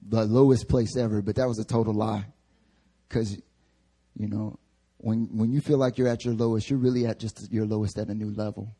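Husky young male preacher, casual and slangy. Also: lowish voice, mellow. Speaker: pastor. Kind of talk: sermon.

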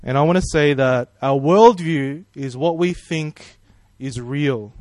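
A man's voice: a little high, slow, darkish tone, no room sound. Man preaching, chatty and interactive. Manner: friendly, conversational, asks the room questions. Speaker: pastor. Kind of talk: sermon with audience questions.

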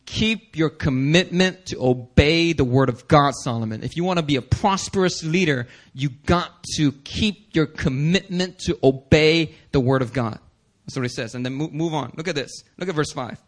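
A male pastor preaching a sermon, animated and casual, slipping into slang and acting out the characters in the passages. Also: moderate pace. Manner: animated, acts out scripture voices with big pitch swings.

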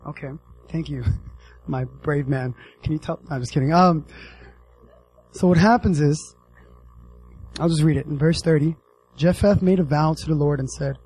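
A man preaching a casual sermon with a slightly high, husky voice. He jokes, teases and calls out to the crowd in an animated way. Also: normal speed, pauses often, poor audio. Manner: animated, joking, addresses the audience directly.

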